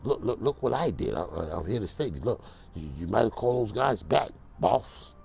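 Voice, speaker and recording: A man's voice: lowish voice, animated, brisk, vocal fry, a little mellow, slightly rough, pitched above the performer's own voice, heavily acted. A man putting on a mocking, sing-song voice of a smug woman hospital worker.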